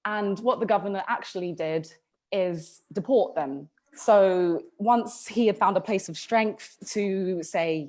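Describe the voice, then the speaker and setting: A woman's voice: mid-range voice, slow pace, darkish tone. Chatty woman podcast co-host. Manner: chatty, lots of ums and restarts. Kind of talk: casual history podcast storytelling.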